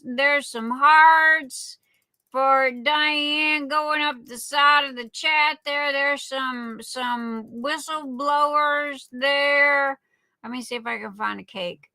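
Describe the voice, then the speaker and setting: A woman's voice: high voice, no room sound. A woman hosting a livestream, greeting viewers by name in a chatty way and calling them darling. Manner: warm chatty shout-outs, calls viewers darling. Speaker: livestream host.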